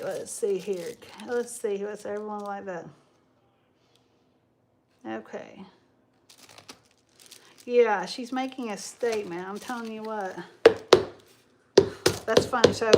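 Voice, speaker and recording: Chatty higher-voiced woman hosting a craft stream. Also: heavy background noise. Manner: rambling and chatty, reads viewer comments aloud. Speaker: craft livestream host. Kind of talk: casual live-stream chat while crafting.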